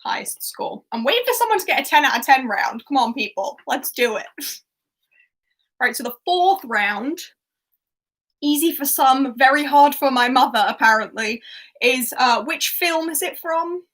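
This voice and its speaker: A woman's voice: sits high, expressive, moderate pace, fairly bright tone. A woman hosting a livestreamed pub quiz in casual chat, giggling and reading out viewers' answers. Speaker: quiz host.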